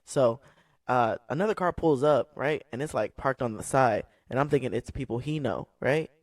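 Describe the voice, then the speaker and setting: A man's voice: medium pitch, animated, normal speed, dry recording. A man co-hosting a podcast, telling a long story in casual chat and checking in with his listeners as he goes. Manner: rambling storyteller, keeps asking "right?". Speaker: podcast co-host.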